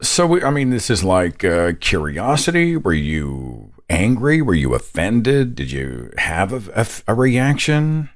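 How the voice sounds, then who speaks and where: A man's voice: on the low side, very animated, unhurried, few pauses. A man hosting a podcast who interviews a guest and then introduces stories from listeners. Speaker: podcast host. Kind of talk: interview and reading.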